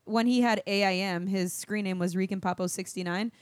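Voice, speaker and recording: A woman co-hosting a podcast, talking in casual banter and rattling her words off quickly. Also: medium pitch, fairly even intonation, clear, resonant tone, no room sound, clean studio sound. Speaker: podcast co-host.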